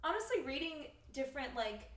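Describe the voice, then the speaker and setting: A woman's voice: high-pitched, very animated, a little fast, a bit bright. A woman in her thirties, a podcast guest and mother, chatting casually, laughing often and poking fun at herself. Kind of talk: casual chat. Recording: roomy, slightly distant mic.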